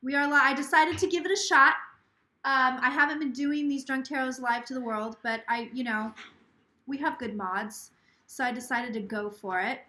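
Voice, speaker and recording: Bright, gushing woman livestreaming from home. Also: sits high, normal speed, reverberant. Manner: chatty and gushing, relays a spirit's words in quotes. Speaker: psychic livestream host. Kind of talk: casual live-stream chat. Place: home, near a kitchen.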